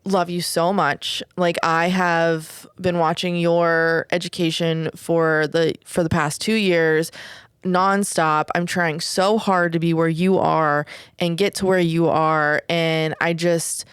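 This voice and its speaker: A woman telling a personal story in relaxed podcast chat. Her voice is smooth and crisp, set a little low, and the recording sounds dry and close. She talks candidly, with plenty of "like" and "whatever.". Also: takes it slowly, no echo. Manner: swears casually. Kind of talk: casual chat.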